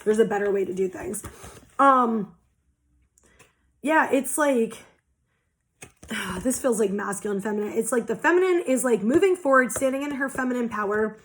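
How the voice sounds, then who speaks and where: A woman's voice: fairly high pitch, lively intonation, normal speed, pauses often, a little hiss or hum. A young woman giving a casual oracle card reading, talking passionately and bluntly with lots of swearing. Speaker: tarot reader.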